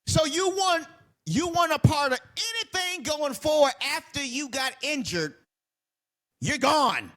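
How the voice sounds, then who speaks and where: Vlogger, male, heated profane rant, high voice that swings widely. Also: expressive, a little slow, a bit bright. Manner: heated, profane, rambling and repetitive. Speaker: wrestling commentary vlogger. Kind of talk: casual ranting video commentary.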